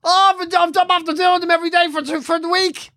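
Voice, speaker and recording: A man's voice: very high voice, little pitch movement, fast, pushed and bright, pitched above the performer's own voice. A man with an Irish accent voicing his breathless, dramatic elderly mother, a wheezy and fussy gambler. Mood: flustered. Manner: fussy, rambling, puffing between words.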